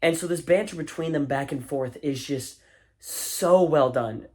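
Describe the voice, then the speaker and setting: A man's voice: fairly high pitch, unhurried, a little mellow. A man giving a casual spoken movie review, enthusiastic and rambling, with fillers and restarts.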